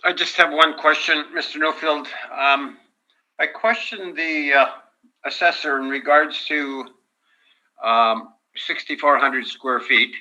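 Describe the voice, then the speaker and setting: A man chairing a formal hearing, polite and measured. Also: fairly high pitch, fairly even intonation, pushed and bright. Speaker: board chair. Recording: dull lo-fi room audio.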